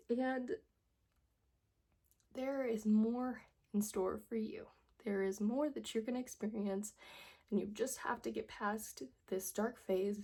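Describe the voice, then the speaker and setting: A woman's voice: fairly high pitch, fairly even intonation, a little slow, creaky, warm tone. A young woman telling her personal story in a vlog, emotional and earnest, tearful as she pleads with viewers. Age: young adult. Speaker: vlogger.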